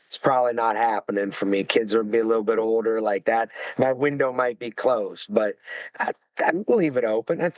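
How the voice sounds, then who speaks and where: A reflective man in his forties talks through his thoughts on a casual podcast, often restarting his sentences. His voice sits in a middle pitch and sounds dry and close, with no room echo. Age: 40s. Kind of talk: casual roundtable chat.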